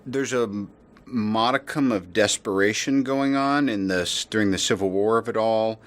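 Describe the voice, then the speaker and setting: Measured lower-voiced man. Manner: measured, hesitant explaining. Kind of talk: press interview.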